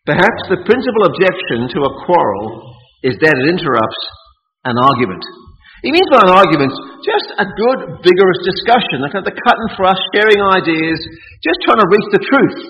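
A man preaching a sermon in a church, joking and firing off rhetorical questions. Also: high-pitched. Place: church hall. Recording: dull lo-fi audio with long hall reverb.

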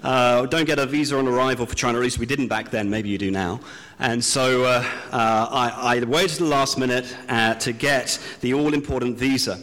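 British preacher telling a story in a hall. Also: male voice, medium pitch, fairly even intonation, fairly bright tone. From Britain. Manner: storytelling, self-deprecating, drawn-out pauses. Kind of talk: sermon. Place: church hall. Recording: long hall reverb.

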